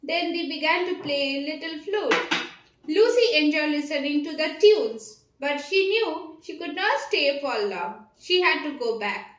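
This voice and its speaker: A woman narrating a children's stage play in a calm, even storytelling manner. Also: high voice, a little slow, roomy sound, low-quality recording.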